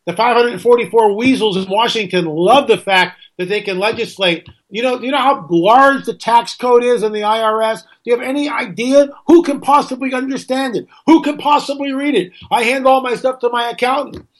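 A middle-aged American man with a notably high-pitched voice hosts a talk radio show. He rants with indignation, piling up rhetorical questions and hammering on his points. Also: normal speed, few pauses. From United States. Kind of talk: opinionated radio monologue.

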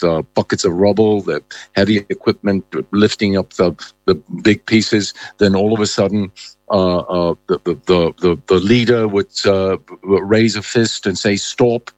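A male correspondent speaks in a very deep voice, hesitant and full of restarts as he reports. The sound is dry and close. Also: steady tone, darkish tone, no echo. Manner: halting, many fillers and restarts. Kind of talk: live news phone-in report.

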